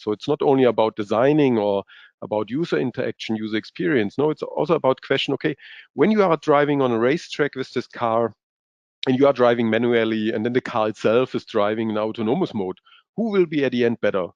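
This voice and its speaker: A man presents in a webinar, his non-native English halting and filled with pauses and fillers. His voice sits in an ordinary middle pitch. The sound is dry and muffled, like lo-fi online meeting audio. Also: a little mellow, no echo. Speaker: guest expert presenting in a webinar. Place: based in Europe.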